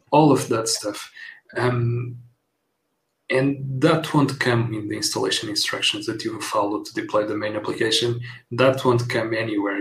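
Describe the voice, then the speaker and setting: A man in his forties co-hosting a casual tech podcast, explaining things in a steady, measured way. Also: medium pitch, slight background noise, rough recording. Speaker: podcast co-host.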